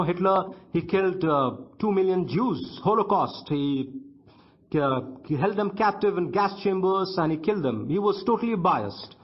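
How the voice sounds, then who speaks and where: High husky Indian English teacher. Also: male voice. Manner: reads a line of the text, then repeats it in simpler words; halting, repeats words and restarts sentences. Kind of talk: classroom literature lesson, reading aloud and explaining. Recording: dull lo-fi recording.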